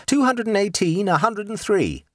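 A man's voice: high voice, lively intonation, moderate pace, no echo, clean studio sound, pitched above the performer's own voice. A man doing a young billiard marker singing scores. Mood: calling scores. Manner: loud sing-song calling out of numbers.

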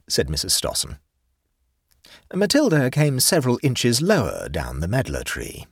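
A male narrator with a husky, slightly breathy voice tells a story in a wry, measured manner. His delivery swings widely in pitch, and the recording is close and dry with no room sound. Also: huge pitch swings, no room sound.

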